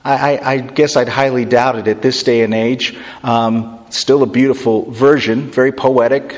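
A male pastor preaches a sermon, moving between close reading and playful asides to the congregation. His voice sits at an ordinary middle pitch. The sound carries a long hall reverb. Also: moderate pace. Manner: animated, joking asides to the congregation. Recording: echoey hall.

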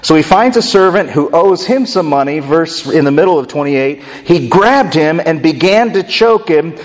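A man's voice: fairly high pitch, expressive, moderate pace, big-room sound. A man preaching a sermon, retelling a story and acting out its voices expressively. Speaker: pastor.

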